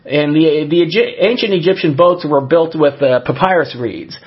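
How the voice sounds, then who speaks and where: A man with a slightly high, husky voice preaches a sermon in a loose, conversational way, stumbling over fillers and restarting sentences as he goes. The recording sounds dull and lo-fi. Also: moderate pace. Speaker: pastor.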